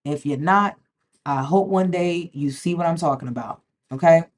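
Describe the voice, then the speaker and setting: A woman's voice: low-pitched, normal speed, darkish tone. A woman talks straight to her viewers in a casual vlog. She is emphatic, stumbles and repeats words, and keeps checking in with "okay?". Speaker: spiritual vlogger. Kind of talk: casual direct-to-camera talk.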